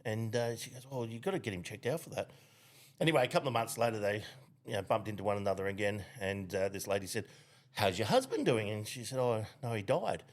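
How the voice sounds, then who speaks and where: A man's voice: fairly low pitch, fast talker. An Australian man co-hosting a podcast, telling rambling crude jokes with plenty of swearing and laughter. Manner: rambling joke delivery with frequent laughter and swearing. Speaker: podcast co-host. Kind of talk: casual crude joke-telling chat.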